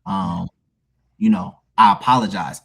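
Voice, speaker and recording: Brief: male panelist, early thirties, low voice, sincere and halting. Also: vocal fry, slightly rough. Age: 30s. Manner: halting, with many restarts and fillers, sincere. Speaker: panelist, stepparent. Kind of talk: candid panel discussion.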